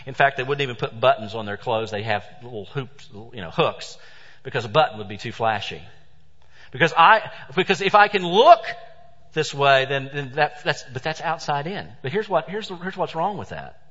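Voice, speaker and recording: A man preaching a sermon as pastor, stressing points loudly and then dropping to hushed asides. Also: mid-range voice, animated, normal speed. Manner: emphatic preaching, swings between loud stresses and hushed asides. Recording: dull sound with long hall reverb.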